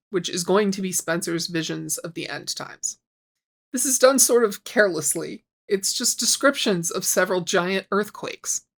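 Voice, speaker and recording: A woman's voice: medium pitch, creaky. A woman in her forties hosting a scripted book critique, wry and sarcastic, getting worked up as she talks. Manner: sarcastic, wry, gets heated. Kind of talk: scripted commentary with read excerpts.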